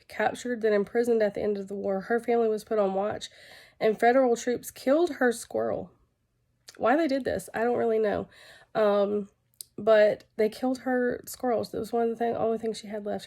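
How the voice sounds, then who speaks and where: A young woman losing her voice and feeling unwell, presenting her research in an informal video, halting and full of fillers. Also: medium pitch, creaky, warm tone. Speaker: graduate student presenting research.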